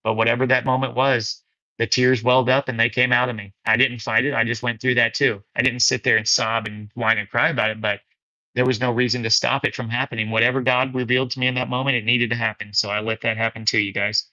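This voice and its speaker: A man's voice: mid-range voice, little pitch movement, fast, pushed and bright, dry recording, highs cut off. A man hosting a faith fellowship livestream. He talks about God in a casual, earnest way, calls listeners "man" and "dude", and answers viewer comments. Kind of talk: casual spiritual talk, reading viewer comments.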